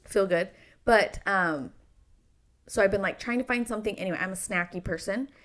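A woman's voice: medium pitch, normal speed, fairly bright tone. A woman from Utah co-hosting a podcast, chatting casually and enthusiastically, teasing herself and her friend. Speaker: podcast co-host. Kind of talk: casual chat.

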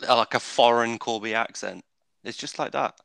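A man in casual chat, speaking slowly and laughing along with friends. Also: mid-range voice, vocal fry, fairly bright tone, clean tone, no room sound.

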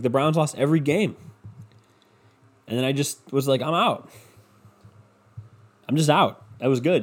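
A man's voice: mid-range voice, darkish tone. Man, casual podcast host, profane, rambling, mocking imitations. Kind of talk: casual solo monologue.

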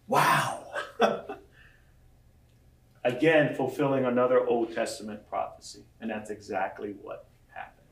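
A man preaching a sermon as pastor, animated, acting out scripture quotes and asking the room questions. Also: medium pitch, measured pace, vocal fry, long pauses. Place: large room with audience. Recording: echoey room from far off.

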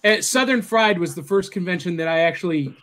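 A man's voice: high-pitched, animated, brisk, a bit bright. A man guest in a casual chat, talking hesitantly with stammers and restarts. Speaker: guest artist.

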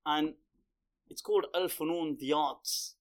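A male religious lecturer talks to his audience in a loose, conversational way. His voice sits a touch high, and he tells stories with lively energy before drawing out his point. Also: measured pace. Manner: conversational, animated storyteller. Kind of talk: lecture with storytelling.

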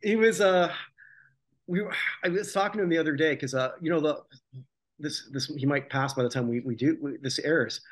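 Talking briskly in a high-ish voice, this male podcast co-host rambles and jokes through a casual conversation about old TV, restarting and correcting himself often.

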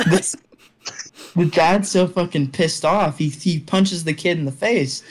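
A man's voice: fairly high pitch, takes it slowly. Young man, casual storyteller, rambling, profane, filler-heavy, online call. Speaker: storyteller among friends. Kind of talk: casual chat.

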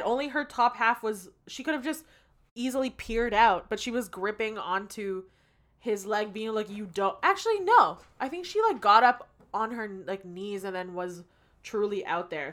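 A woman's voice: medium pitch, expressive, normal speed, a bit bright. A woman co-hosting a podcast, retelling movie scenes in amused, casual chat with some swearing. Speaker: podcast co-host.

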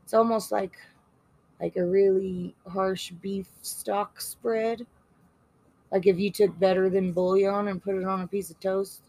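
A woman's voice: mid-range voice, flat delivery, unhurried, darkish tone. A woman co-hosting a horror podcast, easygoing and often laughing as she explains. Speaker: podcast co-host. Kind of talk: casual chat.

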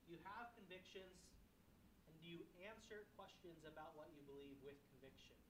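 A man's voice: a little high, fairly even intonation, moderate pace, roomy sound, noisy background. A young man preaching a conversational sermon, mixing self-deprecating asides with emphatic questions to the congregation. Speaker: church member preaching.

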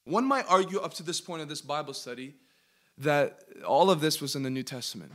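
A man leading a Bible study, reading verses aloud with emphatic, animated delivery and quick questions to his listeners. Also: on the high side. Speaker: Bible teacher.

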